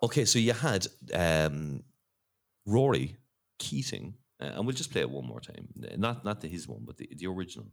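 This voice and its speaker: A low-voiced Irish man hosts a casual podcast, his pitch swinging widely as he rambles and laughs. He restarts his sentences often. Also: sing-song, moderate pace, vocal fry. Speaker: podcast host. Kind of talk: casual chat.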